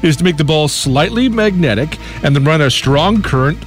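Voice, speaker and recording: A man's voice: on the high side, expressive, moderate pace, music in the background. A man giving a sports segment on a radio show, matter-of-fact in delivery. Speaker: sports reporter.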